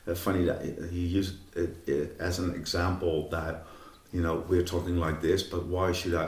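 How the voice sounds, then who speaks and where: A man talking casually as a guest about radio, halting, with many fillers and restarts. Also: low voice, level tone, a little mellow. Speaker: radio music director, guest. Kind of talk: casual conversation. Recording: echoey room, from a distance.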